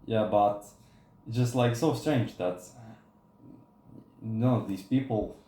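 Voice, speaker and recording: A man's voice: on the low side, slow pace, dark tone, slight background noise. A young man co-hosting a podcast, talking in a loose, rambling way full of filler words. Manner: rambling, heavy use of "like" fillers. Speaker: podcast co-host. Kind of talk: casual podcast chat. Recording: roomy echo.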